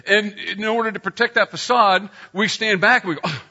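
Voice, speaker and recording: A middle-aged man preaching in a storytelling way, his voice bright and a touch high. He turns loud when he acts out a scene. The recording sounds dull and lo-fi. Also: fairly even intonation, fairly quick. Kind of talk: sermon with personal story.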